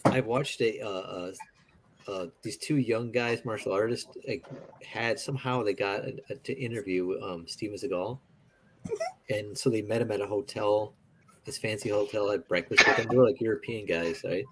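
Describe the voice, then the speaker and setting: A man's voice: on the low side, normal speed. Man, casual storytelling, rambling, lots of fillers, laughs, faint background noise.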